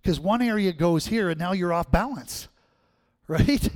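Male pastor, higher voice, relaxed conversational sermon style. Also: a little slow. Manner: conversational, repeats "right?" to the congregation. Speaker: preacher.

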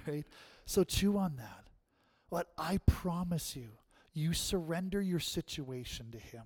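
This preacher's voice is fairly high and darkish, expressive but delivered at a measured pace. He gives a church sermon in a conversational way, frequently asking the congregation "right?", and leads a closing prayer at the end.

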